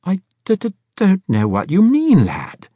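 A man's voice: mid-range voice, wildly swooping pitch, measured pace, a little mellow, breathy edge, no echo, voice pushed up, full character voice. A man reading a novel aloud and voicing a fussy, stammering old bachelor with rattling false teeth, in a fluttery, pleading way. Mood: nervous.

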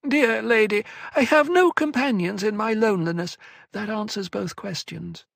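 A whining elfin little alien. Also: male voice, gravelly, a bit bright, no echo, studio quality, exaggerated voice. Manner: slow, pleading, high-pitched. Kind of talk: audiobook character voice.

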